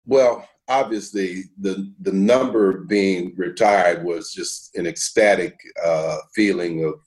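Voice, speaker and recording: A man telling a story with animated asides and chuckles in a casual conversation. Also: deep voice, takes it slowly. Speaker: former basketball broadcaster, guest.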